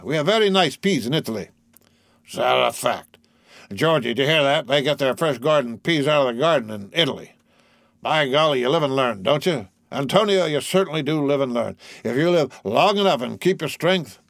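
A man's voice: mid-range voice, a bit bright, no room sound, studio quality. A man voicing a boorish middle-aged businessman who mocks a waiter in a brash drawl.

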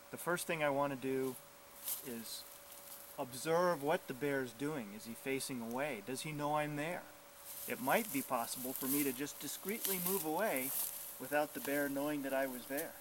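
A middle-aged man with a bright, forceful voice gives calm, clear safety instruction outdoors on a trail. He speaks as a park biologist teaching hikers, and a faint outdoor ambience sits behind him. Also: mid-range voice, moderate pace, a little hiss or hum, rough recording.

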